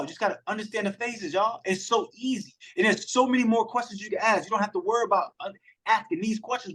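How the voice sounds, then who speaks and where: A man's voice: high-pitched, a bit bright, breathy edge. A man hosting an online accountability call, speaking with passion and talking straight to the group about mindset and selling. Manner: passionate, emphatic, addresses the group directly. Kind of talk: motivational coaching talk. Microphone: video call.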